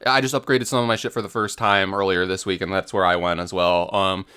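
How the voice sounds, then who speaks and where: A man co-hosting a casual gaming podcast, chatting in a relaxed way with lots of fillers. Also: low voice, fairly quick, clean tone. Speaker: podcast co-host.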